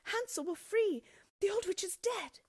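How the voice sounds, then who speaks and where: A woman voicing a frightened little girl who pleads in a high voice, in a storybook reading. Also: expressive, normal speed, dark tone, no echo, clean studio sound. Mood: overjoyed.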